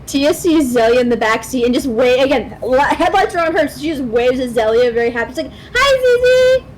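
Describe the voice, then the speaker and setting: A woman's voice: sits high, fast, slight background noise, rough recording. A woman player narrating her character in a tabletop game in a bubbly, giggly way.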